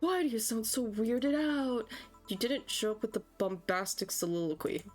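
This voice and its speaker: A woman's voice: a little high, moderate pace, faint music behind, natural voice. A woman reading as a dry, blunt bartender.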